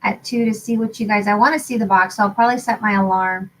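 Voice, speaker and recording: A woman's voice: mid-range voice, fairly even intonation, fast, slight background noise, poor audio. A woman from Puerto Rico chatting casually, explaining things at length in a friendly way. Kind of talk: casual chat.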